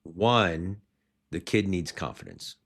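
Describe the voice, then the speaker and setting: A man with a very deep, low voice coaches other school owners on growing their business. He talks in an animated, rambling way and often breaks off to restart a sentence. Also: takes it slowly, gravelly. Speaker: martial arts school owner.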